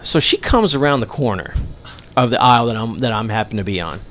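A man telling an animated, profane story as a podcast co-host. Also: medium pitch, fairly quick, a little hiss or hum. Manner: animated, profane, acts out dialogue. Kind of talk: casual storytelling.

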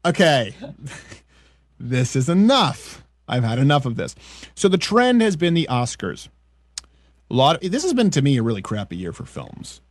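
A man's voice: mid-range voice, huge pitch swings, normal speed, dry recording. A man from French Canada hosting a podcast, riffing in opinionated, jokey rants in casual comedic chat. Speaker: podcast host.

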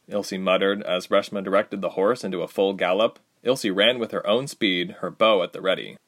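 A man narrating a fantasy audiobook with expressive storytelling. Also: sits low, normal speed, few pauses. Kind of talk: scripted narration.

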